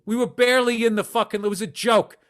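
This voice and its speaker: A man co-hosting a podcast, telling animated, profane stories in casual chat. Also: very high voice, fast talker. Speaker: podcast co-host.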